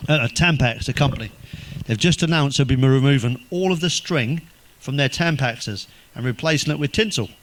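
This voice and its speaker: A man's voice: mid-range voice, moderate pace, fairly bright tone, slight background noise, low-quality recording. A man telling crude jokes in a stand-up monologue, swearing constantly and laughing at his own punchlines. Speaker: stand-up comedian.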